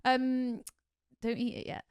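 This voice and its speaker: A woman's voice: high-pitched, little pitch movement, slow pace, smooth. A young woman co-hosting a podcast, chatting casually, blunt and swearing freely. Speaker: podcast co-host. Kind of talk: casual chat.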